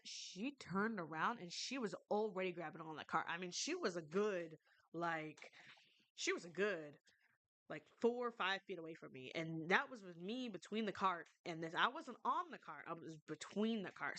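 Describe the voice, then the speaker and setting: A woman's voice: fairly low pitch, a bit bright. Rambling young woman telling a story. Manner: rambling, filler-heavy, swears freely. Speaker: streamer. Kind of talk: casual storytelling.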